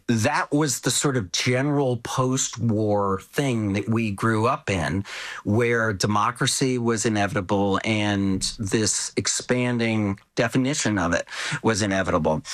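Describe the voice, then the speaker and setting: A man's voice: lowish voice, a bit bright. An older man telling family stories in a reflective, rambling way, full of asides and restarts. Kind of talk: reflective conversational storytelling.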